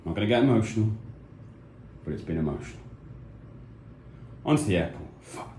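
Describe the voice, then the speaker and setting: A man's voice: on the low side, lively intonation, brisk, mellow, a little hiss or hum. A young man, talking in a chatty, rambling and sweary way in a casual travel vlog. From England. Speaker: vlogger.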